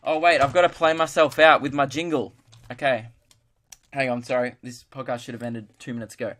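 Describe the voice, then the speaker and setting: A man's voice: mid-range voice, fairly even intonation, brisk, fairly bright tone. A young man hosting a solo podcast, chatting casually in a rambling, joking, self-mocking way. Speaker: podcast host.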